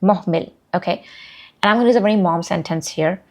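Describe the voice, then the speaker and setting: A woman's voice: on the low side, a little mellow. Chatty woman teaching vocabulary. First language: Urdu. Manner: chatty, self-deprecating, repeats words slowly. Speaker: language learner teaching vocabulary. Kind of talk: casual language lesson.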